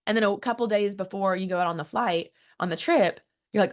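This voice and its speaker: A woman marketing coach giving an energetic motivational business talk, speaking straight to her audience and often restarting her words. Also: medium pitch, a little fast, few pauses. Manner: energetic and emphatic, acts out quoted voices; repeats words when restarting, direct to the audience.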